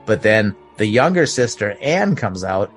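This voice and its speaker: A man's voice: fairly low pitch, sing-song, measured pace, faint music behind. Rambling man retelling a film. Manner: rambling retelling of scenes, heavy use of "like". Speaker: podcast host. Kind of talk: casual film discussion chat.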